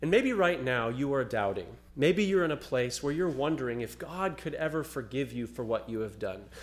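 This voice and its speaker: A man preaching an earnest Christmas sermon as a pastor, growing louder when he reads scripture. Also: medium pitch, expressive, moderate pace.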